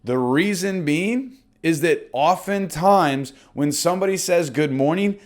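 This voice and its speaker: A man's voice: fairly high pitch, measured pace. A young man coaching real estate agents on cold-call scripts, speaking energetically and confidently. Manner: energetic, confident, demonstrates lines aloud. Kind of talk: course lesson on phone scripts.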